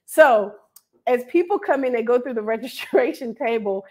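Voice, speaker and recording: A woman's voice: fairly high pitch, lively intonation, normal speed, darkish tone. A woman from North Carolina hosting a casual live stream, reading out viewers' names and laughing often as she welcomes them. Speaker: host of an online hair school livestream.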